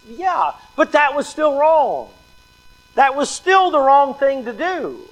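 A man's voice: extremely high pitch, very animated, slow pace, rough recording. A man preaching a sermon as pastor, emphatic and repetitive, acting out the excuses people make. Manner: emphatic, repeats key lines, acts out quoted excuses.

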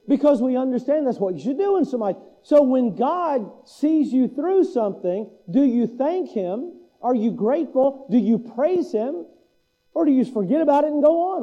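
A man's voice: very high-pitched, lively intonation, normal speed, muffled recording. A man preaching a sermon as pastor, asking the listeners a string of rhetorical questions and building to urgent emphasis.

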